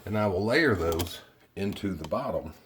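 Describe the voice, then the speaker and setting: A man's voice: low-pitched, expressive, normal speed, a bit bright, slight background noise. A man hosting a casual home cooking video, talking in a chatty, plainspoken way with frequent fillers.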